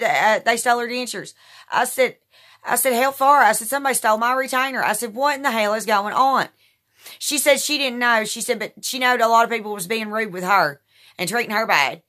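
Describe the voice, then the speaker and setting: Woman, bright voice, rambling, indignant, casual monologue. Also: on the high side, fairly quick. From Kentucky, USA. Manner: rambling, repetitive, indignant storytelling. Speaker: vlogger.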